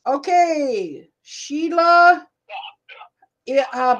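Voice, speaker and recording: A middle-aged woman hosting a casual livestream, loud and laughing often as she reads viewer comments. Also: high voice, lively intonation, drawn-out words. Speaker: livestream host and rideshare driver.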